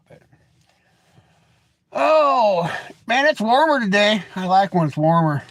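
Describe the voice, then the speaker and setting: A middle-aged man hosting a live stream, chatting loosely with folksy, opinionated ranting. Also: on the high side. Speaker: livestream host. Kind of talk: rambling live stream chat.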